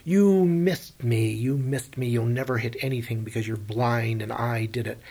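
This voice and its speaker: Man playing a loud boastful hero king in a storytelling, taunting and shouting, husky gravelly tone. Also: medium pitch, steady tone, normal speed. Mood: mocking.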